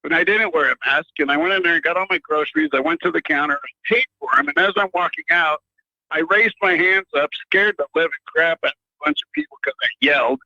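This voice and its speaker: A male radio caller with a gravelly, sharp, bright voice rambles through a heated rant, full of fillers and restarts. The line sounds dry and muffled. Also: on the high side, expressive, fast, no room sound. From United States.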